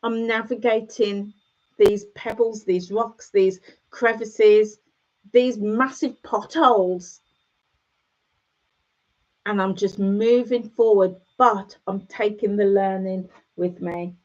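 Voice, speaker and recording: A woman's voice: mid-range voice, fairly even intonation, takes it slowly, darkish tone. A middle-aged woman talks casually and encouragingly to her viewers, repeating key phrases to drive them home. Her voice sits in an ordinary middle register. The sound is a bit dull and lo-fi. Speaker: host. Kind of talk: casual motivational chat with viewers.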